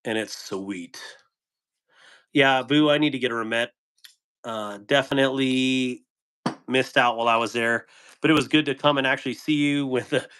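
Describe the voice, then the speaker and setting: On his knife channel's live stream, this American man speaks in a mid-range, fairly bright voice while showing off gear. The chat is loose and casual: he rambles, chuckles a lot, and responds to viewers' messages.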